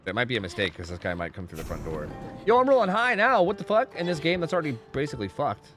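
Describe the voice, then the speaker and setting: A man streaming a game live and chatting with viewers, excitable and profane, swinging between loud pleading and low mumbling. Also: fast, soft background music. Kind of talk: live gaming commentary with chat.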